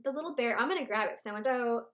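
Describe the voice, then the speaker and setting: Woman in her thirties, halting and heartfelt. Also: a little high. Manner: halting and heartfelt, with many pauses and restarts. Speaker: vlogger. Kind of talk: casual personal update.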